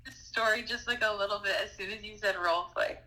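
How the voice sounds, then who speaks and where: A woman co-hosting a casual podcast who breaks into laughter and throws in quick, playful remarks. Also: medium pitch, fairly even intonation, sharp tone, slight background noise, rough recording. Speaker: podcast co-host. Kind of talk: casual chat.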